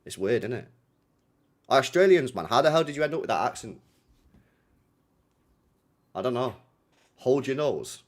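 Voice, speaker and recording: A man's voice: mid-range voice, lively intonation, normal speed, pauses often. A young man chatting casually to his live stream audience, rambling with slang, swearing and frequent laughter. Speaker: streamer hosting a football watchalong.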